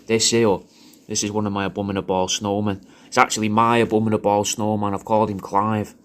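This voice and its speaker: A man with an English regional accent giving a rambling, crude, deadpan comic monologue as a personalised video message. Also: on the low side, a little fast. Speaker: comedic character doing a personalised video message.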